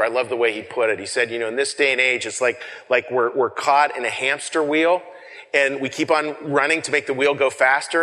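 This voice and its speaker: A man preaching a sermon in a loose, conversational way, often repeating and restarting words, swinging between loud shouts and hushed whispers for effect. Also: mid-range voice. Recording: long reverb of a hall.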